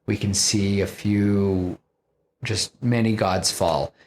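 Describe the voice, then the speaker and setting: Low-voiced guy rambling through a movie pitch, lots of "you know", faint noise behind. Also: steady tone, slow pace. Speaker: podcast host pitching a film story. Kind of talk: casual story pitch.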